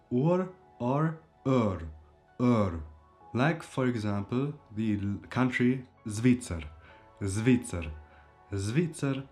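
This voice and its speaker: A male language teacher explains stress rules to camera in a level, mid-pitched voice. He sounds each example word carefully, then says it again. Faint music plays under him. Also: a little mellow. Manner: repeats each word slowly twice. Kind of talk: explaining and modeling pronunciation to camera.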